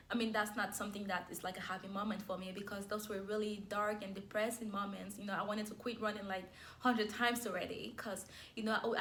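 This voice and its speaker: A woman's voice: medium pitch, a bit bright, slight background noise. A young adult woman sharing a personal faith testimony in a candid, emotional way, with light laughs between her words.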